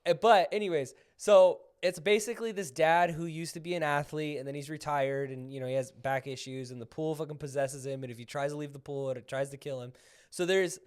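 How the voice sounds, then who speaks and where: A young man with a high-pitched voice co-hosts a casual podcast about movies. He talks in an animated way, laughs often and acts out lines. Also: brisk, clear, resonant tone. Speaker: podcast co-host. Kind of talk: casual movie review chat.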